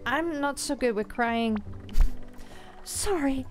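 A tearful middle-aged woman, her high voice wavering and cracking into sobs and shaky giggles, as a woman puts her on. She talks slowly, swept up in feeling, with game music playing behind her.

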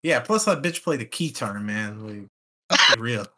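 A young man on a podcast, talking with a lively, swinging pitch and a bright, forceful tone. He jokes, swears freely and breaks into laughter and quick silly voices. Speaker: podcast co-host. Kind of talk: casual podcast chat.

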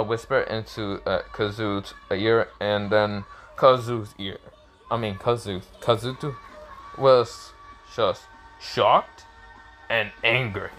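A young man casually retelling a fan-made story, rambling with fillers and restarts and jumping into excited quoted lines. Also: medium pitch.

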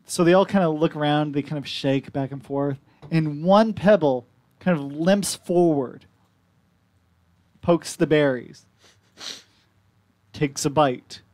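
A man narrating as game master of a tabletop game, relaxed with laughing asides. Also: a little high, takes it slowly, long pauses, dry recording.

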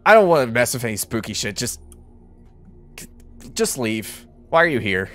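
A man's voice: medium pitch, sing-song, moderate pace, a bit bright, faint music behind. A man doing a jittery wererat. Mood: nervous. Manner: jittery, stammering. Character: nervous wererat man, skittish.

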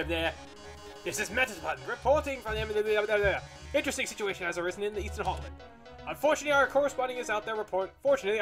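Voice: mid-range voice, a bit bright, close to an everyday voice. A gamer voicing a flamboyant robot TV host in a put-on British accent, with theatrical announcer delivery. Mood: showy. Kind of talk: let's play voice acting.

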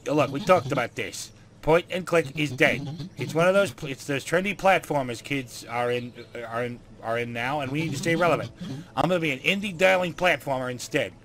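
A man's voice: a little high, fairly quick, lightly acted. A man voicing an eager, trendy man chasing relevance, in a mixed British and New York accent with an earnest, pushy delivery. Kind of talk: game dialogue read aloud.

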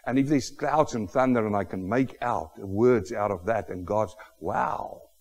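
A man preaching a sermon with emphatic, exclamatory delivery, building to loud rhetorical questions. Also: lowish voice, normal speed, big-room sound. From Australia. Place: church hall.

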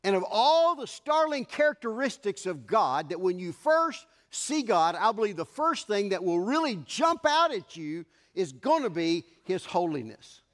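A man pastor preaching an emphatic sermon in a church sanctuary, his voice swelling to loud declarations. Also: high voice, sing-song, a little slow, hardly any pauses, big-room sound.

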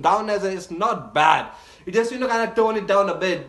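A man giving excited anime reaction commentary, gushing and exclaiming often. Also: sits high, normal speed. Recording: roomy echoey room.

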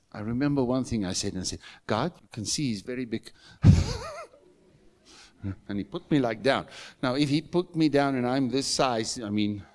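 South African pastor preaching a sermon. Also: male voice, medium pitch. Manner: storytelling preacher, emphatic rising calls. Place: church.

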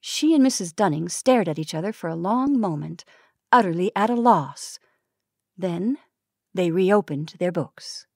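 A woman from the San Francisco Bay Area reading vintage short stories aloud in a measured storytelling manner, lightly voicing the dialogue. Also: on the low side, animated, dark tone, no room sound, studio quality. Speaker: narrator.

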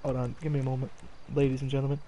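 A young man streaming a game, talking casually with loud, profane, laughing trash talk. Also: medium pitch, little pitch movement, very fast, slight background noise. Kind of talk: casual gaming stream commentary.

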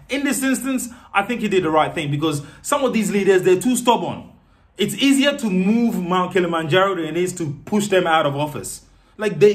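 A man giving animated, sarcastic political commentary as a vlogger. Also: fairly high pitch.

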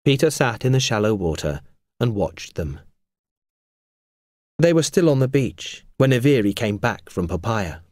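Man narrating a storybook, lively pitch. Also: dry recording, studio quality. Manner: clear and measured for learners. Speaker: audiobook narrator.

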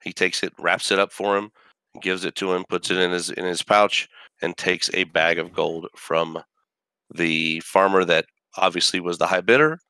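A man's voice: low voice, steady tone, normal speed, pushed and bright, clear, resonant tone, dry recording. A man narrating a tabletop game as game master, describing scenes with many restarts.

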